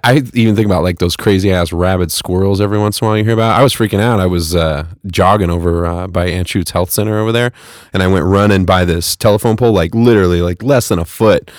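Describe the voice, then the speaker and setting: A young adult man co-hosting a podcast, chatting casually and excitably with a lot of swearing. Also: low voice, fast talker, no echo, clean studio sound. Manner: excitable, swears freely, many "like"s. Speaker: podcast co-host. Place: podcast studio.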